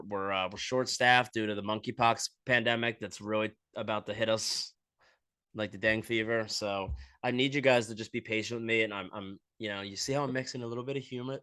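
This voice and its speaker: A man hosting a podcast with a crude, animated comedic ramble, acting out little scenes as he goes. His voice is bright and forward. It is recorded close and dry, with no room sound. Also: mid-range voice, fairly quick, clean tone, no room sound. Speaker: podcast host. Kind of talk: casual comedic monologue.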